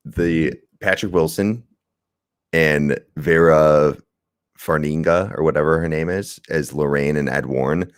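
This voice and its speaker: A man's voice: very deep voice, measured pace, smooth, no echo, studio quality. A man co-hosting a podcast, chatting casually and rambling through a movie review, laughing and swearing as he goes. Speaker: podcast co-host.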